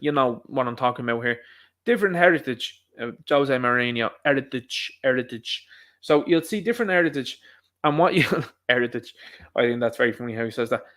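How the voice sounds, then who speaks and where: A young Irish man hosting a solo podcast, talking in a rambling, emphatic way with quick asides. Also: medium pitch, a bit bright. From Ireland. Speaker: podcast host. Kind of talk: solo commentary monologue.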